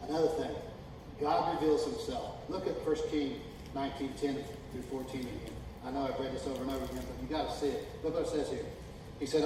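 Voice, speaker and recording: A man preaching a sermon as pastor, folksy and emphatic, building from calm talk to loud, drawn-out shouting. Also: medium pitch. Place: church sanctuary. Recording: echoey hall, distant mic, noisy.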